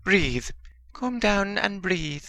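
A man voicing urgent high-pitched women. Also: expressive, very slow, sharp tone, dry recording, exaggerated voice. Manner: urgent, raised voice. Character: worried young woman and stern older woman. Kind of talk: audiobook character voices.

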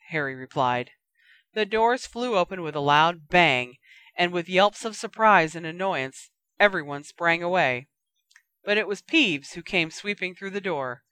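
Lower-voiced woman reading a story. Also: expressive, normal speed, sharp tone, smooth, dry recording. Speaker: audiobook reader. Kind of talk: scripted story narration.

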